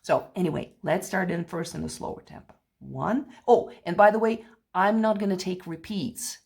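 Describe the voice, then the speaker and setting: A woman's voice: fairly low pitch, normal speed, vocal fry, a little mellow, husky. A woman teaching a play-along piano lesson, patiently explaining phrasing and counting beats aloud, with light laughs now and then. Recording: piano heard faintly behind.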